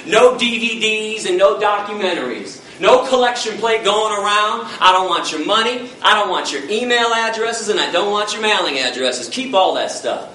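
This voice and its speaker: A man's voice: high-pitched, lively intonation, moderate pace, hardly any pauses, pushed and bright, a little hiss or hum. A man from the United States giving a passionate public lecture, blunt, fiery and confrontational, heard from far off in an echoey hall.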